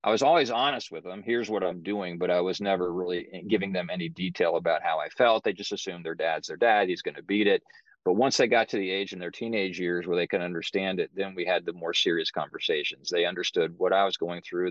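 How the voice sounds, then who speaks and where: A middle-aged man speaking as a podcast guest, telling his story in a measured, matter-of-fact way. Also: sits low, no echo, dull audio. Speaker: guest, author. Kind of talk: podcast interview.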